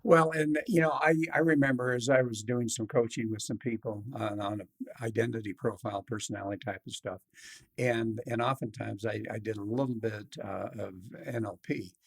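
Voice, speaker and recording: A middle-aged man hosting a podcast interview, talking in an animated way and acting out quoted patients. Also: lowish voice, normal speed, gravelly, husky. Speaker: podcast host. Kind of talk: casual interview talk.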